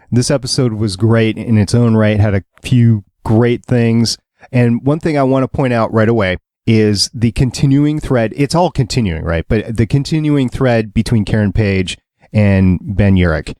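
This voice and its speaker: A man's voice: medium pitch, normal speed, a little mellow, no echo, studio quality. A man hosting a podcast, upbeat and rambling, laughing easily as he chats. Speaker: podcast host. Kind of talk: casual podcast chat.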